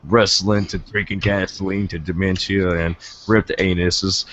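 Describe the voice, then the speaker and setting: A man's voice: sits low, flat delivery, unhurried, a bit bright. A man hosting a casual talk show, signing off in a laid-back, profane way. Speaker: host. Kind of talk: casual chat, show sign-off. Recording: dull lo-fi sound with faint noise.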